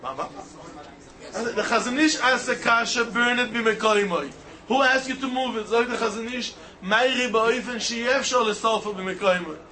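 In an extremely high voice at normal speed, a man gives a Talmud-style lecture, arguing animatedly with sing-song reasoning. He mixes Hebrew, Aramaic and Yiddish terms into his English.

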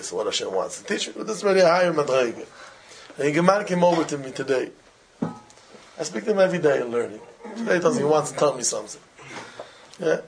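A man teaching an informal religious class, telling animated everyday stories in simple, broken English with Hebrew and Yiddish terms mixed in. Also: on the high side, creaky. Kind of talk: informal Torah talk with stories.

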